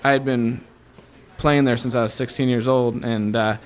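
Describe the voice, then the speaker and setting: A young man from Iowa tells stories in a loose, chatty way. He slips into the voices of the people he quotes, lively and quick with the punchlines, in a relaxed interview as a guest musician. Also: mid-range voice. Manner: animated storyteller who acts out quoted voices. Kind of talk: casual storytelling interview.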